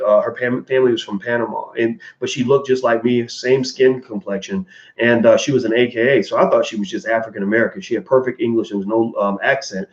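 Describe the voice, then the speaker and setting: A man hosting a livestream, answering viewer donations in casual, candid commentary with many fillers and restarts. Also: medium pitch. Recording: roomy, dull lo-fi sound.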